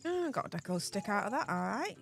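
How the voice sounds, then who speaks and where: A woman with a Yorkshire accent who hosts the channel. She chats excitedly about politics while playing a video game and laughs often. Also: mid-range voice, brisk, gravelly, soft background music. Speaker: channel host. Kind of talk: casual gaming commentary with political chat.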